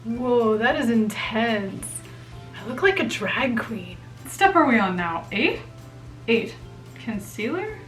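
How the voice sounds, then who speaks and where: A woman's voice: a little high, very animated, takes it slowly, faint music behind. Playful young woman in a roomy echo. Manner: playful, self-mocking. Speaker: makeup vlogger. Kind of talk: casual chat. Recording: roomy echo, mic at a distance.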